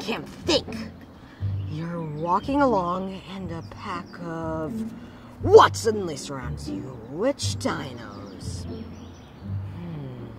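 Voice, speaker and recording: Ranger talking themself through a clue, slow, up-and-down voice, music behind. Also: medium pitch. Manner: muses aloud, hesitant fillers. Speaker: park ranger character in a kids' video. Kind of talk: thinking aloud in a kids' adventure.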